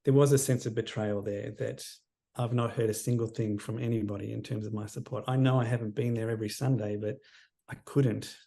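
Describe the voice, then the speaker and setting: Man in his fifties, gravelly and mellow, an earnest counsellor opening up about his past with a soft, trailing delivery. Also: fairly low pitch, fairly even intonation, a little fast. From Australia. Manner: reflective, earnest, trailing off quietly. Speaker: counsellor as podcast guest. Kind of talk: personal storytelling in interview.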